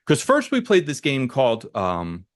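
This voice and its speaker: A man's voice: mid-range voice, huge pitch swings, normal speed, no echo, studio quality. A young American man co-hosting a podcast, telling stories in a rambling, casual way full of "like"s. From United States. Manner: rambling, filler-heavy storytelling. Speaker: podcast co-host. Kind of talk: casual chat.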